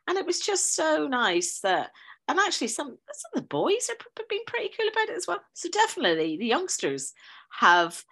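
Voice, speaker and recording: A woman's voice: fairly low pitch, very animated, normal speed, a bit bright. A middle-aged woman, a teacher telling funny stories in a casual chat, acting out quoted voices. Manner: chatty storyteller, laughs often, acts out quoted voices. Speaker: guest teacher.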